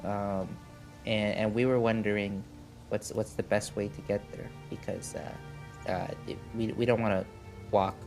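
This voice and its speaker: Brief: a man doing a low-key male creature adventurer, quiet and halting, mid-range voice, faint music behind. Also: fairly even intonation, creaky. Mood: hesitant. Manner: hesitant, repeating words.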